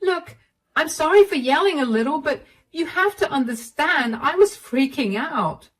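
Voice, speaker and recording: A woman's voice: high voice, expressive, measured pace, distant mic, pitched above the performer's own voice. A woman voicing a hurt young wife who confronts her husband in agitated, pleading outbursts. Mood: frantic. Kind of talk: storytelling dialogue.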